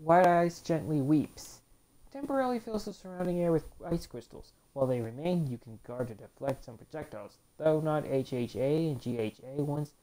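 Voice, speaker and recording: A woman's voice: sits low, animated, normal speed, mellow. A woman casually commenting on a fighting game as she plays, reading move descriptions aloud and groaning when she loses. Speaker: gameplay commentator. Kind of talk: casual let's-play commentary.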